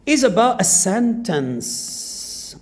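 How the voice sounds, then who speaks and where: An Arabic-accented man with a high voice and big pitch swings leads a slow beginner lesson in English pronunciation, repeating each target word several times over.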